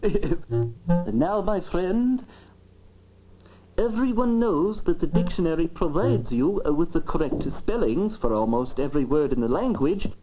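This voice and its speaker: Fussy professorial dictionary brought to life, voiced by a woman; slow, sing-song, lo-fi old educational film with soft music. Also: on the low side, lively intonation. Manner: fussy, grandiloquent, lecturing. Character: pompous, learned talking dictionary, a thing. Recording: dull lo-fi old film sound.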